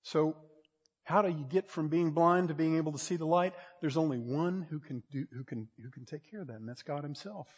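Husky-voiced guy preaching, chatty then loud and emphatic, long hall reverb. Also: on the high side, fairly quick. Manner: conversational, builds to loud emphatic peaks, repeats words. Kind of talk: sermon.

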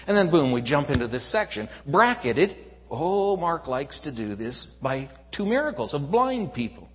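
A male pastor preaching a sermon in a church, telling the story with animated swings from loud to hushed. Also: a little high, normal speed, in a large hall, rough recording.

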